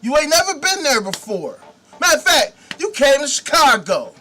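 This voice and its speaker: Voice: high-pitched, sing-song, normal speed, pushed and bright, slight background noise. A host delivering a profane comedic rant, sarcastic and mocking, swearing freely.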